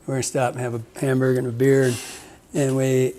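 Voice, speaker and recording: Speaking quickly in a warm but monotone mid-range voice, a man who guides fly fishing trips hosts a podcast. His casual chat is all rambling tales, frequent laughs and salty talk.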